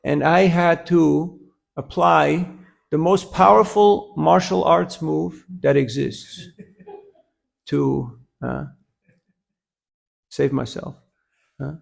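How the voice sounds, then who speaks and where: Drawing out his words and pausing often, a man with a fairly high, gravelly voice teaches a devotional class at a temple. He's an animated storyteller who adds humor, chuckles at his own jokes, and frequently asks listeners "huh?"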